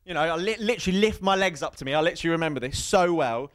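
A male preacher gives a sermon in a church. His voice sits a little high, and his storytelling is lively. He keeps checking in with the congregation. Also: rapid-fire, noisy background. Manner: lively storytelling, asks the crowd "right?". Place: church hall.

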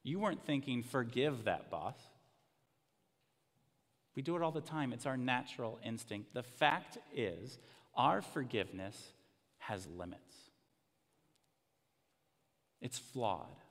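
A man delivering a sermon as a pastor, telling stories and sinking into hushed, emotional quiet at tender moments. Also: medium pitch, expressive, takes it slowly, long pauses, in a large hall. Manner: storytelling, dropping to a hushed, emotional near-whisper in quiet passages.

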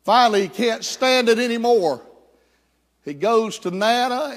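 A man's voice: very high voice, animated, normal speed. A male pastor telling a story and then preaching and praying in a sermon. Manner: storytelling, then fervent and prayerful. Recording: echoey hall.

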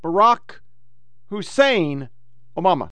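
A man hosting a political podcast. He reads quotes quickly in a mocking tone and swears and heckles between them. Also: high-pitched, very animated, pushed and bright. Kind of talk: profane political commentary reading quotes.

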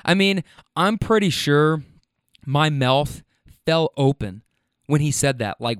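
A man hosting a casual monologue, animated and frank, swearing freely as he retells a conversation. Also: on the high side, slow pace, pauses often, dry recording, clean studio sound.

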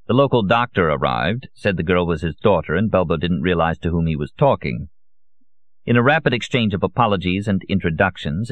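A man with a very low voice narrates a novel at an even, measured pace. The recording is dry and close, with a dull, lo-fi sound. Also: dry recording. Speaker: audiobook narrator. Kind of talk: scripted narration. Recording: dull, lo-fi audio.

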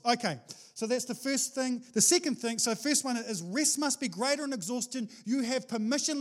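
A man preaching a sermon as pastor, animated and jokey, with sudden exclamations to the congregation. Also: extremely high pitch, moderate pace.

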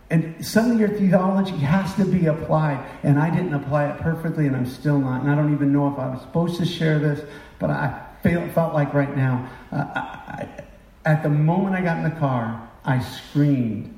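A middle-aged male preacher delivers a confessional, emotional sermon that swells into impassioned outbursts. His voice is mellow and warm. It is picked up from a distance in an echoing room. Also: fairly high pitch, normal speed. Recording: roomy sound from a distance.

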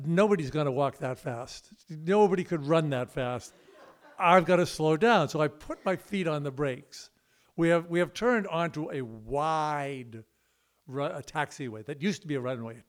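A man telling a personal story on stage at a live storytelling event, animated and imitating sounds with his mouth. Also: fairly high pitch.

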